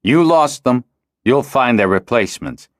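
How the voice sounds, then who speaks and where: A man's voice: mid-range voice, animated, a little slow, no echo, clean studio sound, pitched above the performer's own voice, close to an everyday voice. A man reading an audiobook, voicing a harsh, domineering male weir leader who barks scathing orders. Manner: venomous, scathing commands, shouting. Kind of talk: audiobook character voice.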